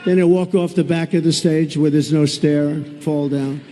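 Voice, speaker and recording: A man delivers a rally speech, blunt and sarcastic, circling back to the same phrases again and again. His voice sits high for a man but sounds mellow rather than bright. A long reverb trails each phrase, as in a large hall. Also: steady tone, normal speed, slight background noise. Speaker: political candidate at a rally.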